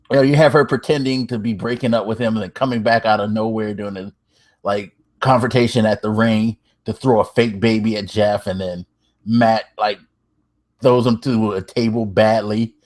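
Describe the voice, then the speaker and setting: A man hosting a podcast, recapping wrestling in casual chat. He gets excitable, swears freely and laughs as he tells it. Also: mid-range voice. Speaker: podcast host.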